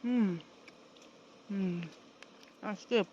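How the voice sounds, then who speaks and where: A woman's voice: mid-range voice, extremely slow, warm tone, lo-fi sound, a little hiss or hum. Chatty woman vlogging from a van. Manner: chatty, swears freely. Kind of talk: casual vlog chat. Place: inside her camper van.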